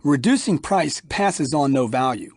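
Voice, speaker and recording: A man's voice: mid-range voice, animated, a little slow, slightly rough, no echo. Emphatic man teaching sales, dry studio. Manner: emphatic and punchy, acts out sales dialogues. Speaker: sales trainer reading his audiobook. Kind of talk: instructional audiobook narration.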